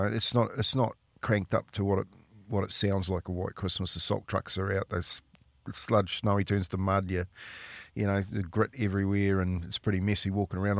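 A man's voice: fairly low pitch, no echo. A New Zealand man, a former rugby league player, telling chatty stories on the radio and calling people "mate". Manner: chatty, laughing, says "mate" often. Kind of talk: casual storytelling on radio.

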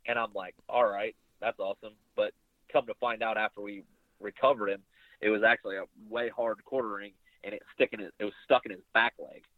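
A man's voice: lowish voice, a little fast, no room sound. A young man recounts a hunting story in a loose, rambling way, jumping in and out of the lines people said to him. He sounds squeezed and tinny, as if he is on a phone line. The sound is dead dry with no room around it. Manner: rambling, animated retelling with quoted dialogue. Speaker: bowhunter guest. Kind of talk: casual storytelling interview.

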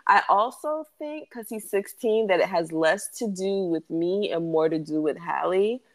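Chatty lower-voiced woman podcaster. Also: unhurried. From West Indies. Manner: chatty, laughing, many fillers. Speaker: podcast co-host. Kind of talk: casual chat.

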